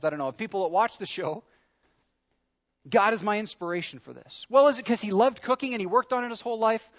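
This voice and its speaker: A man's voice: high voice, highs cut off. A man preaching a sermon in an earnest, conversational way, leaning into his questions. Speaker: pastor.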